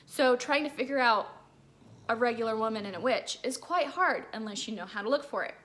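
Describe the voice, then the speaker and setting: Bright-voiced chatty woman. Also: on the high side, expressive, fairly quick. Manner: chatty, rambling, many "like"s. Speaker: book reviewer. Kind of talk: casual chat.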